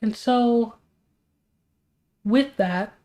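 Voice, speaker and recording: A woman's voice: fairly high pitch, extremely slow, warm tone. Young woman streamer, worn-out, exasperated commentary over drawing. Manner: exasperated, rambling rhetorical questions. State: tired. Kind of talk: casual commentary while drawing.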